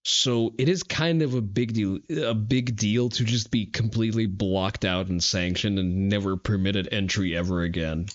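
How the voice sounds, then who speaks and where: Low-voiced blunt male streamer, dull mic. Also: normal speed, few pauses. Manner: blunt and profane, with hesitant fillers and laughs. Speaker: livestream host. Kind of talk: casual stream commentary.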